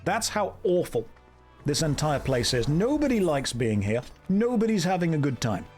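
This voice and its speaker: A British man streaming a game, bantering with chat in a sarcastic, deadpan way. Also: on the high side, normal speed, faint music behind. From Britain. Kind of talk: casual livestream commentary.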